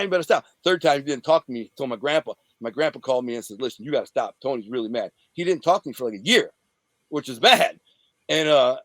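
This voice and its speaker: A middle-aged man from the Detroit area, an interview guest telling a story in a rambling, profane, animated way. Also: fairly high pitch, no echo. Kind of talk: casual storytelling.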